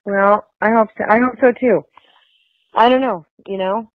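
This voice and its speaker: A woman's voice: mid-range voice, normal speed, no echo. A woman guest in a phone interview, talking in an emotional, rambling way with many restarts. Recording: tinny dry phone line.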